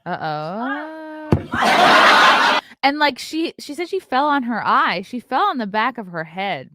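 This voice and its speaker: A woman's voice: a little high, big pitch swings, a little slow, bright, forceful tone. A woman comedian musing aloud over a clip in casual commentary, chatty and full of filler words, from a room at home. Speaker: comedian and online show host. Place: home room with colored lights.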